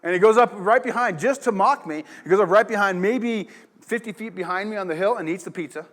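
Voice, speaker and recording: In church, a pastor with a high-sitting, fairly bright male voice speaks a little fast during his sermon. He tells a rambling personal story in a chatty, casual way, laughing along as he goes.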